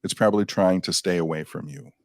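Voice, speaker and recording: Gravelly low-voiced man telling stories. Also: quick pace, dry recording, studio quality. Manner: animated anecdote teller, acts out quotes. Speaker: guest paranormal investigator. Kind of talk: casual storytelling chat.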